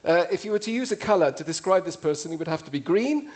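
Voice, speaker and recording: A man's voice: high voice, lively intonation, quick pace. A man with an English accent giving a witty, conversational public talk to an audience. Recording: played from a video.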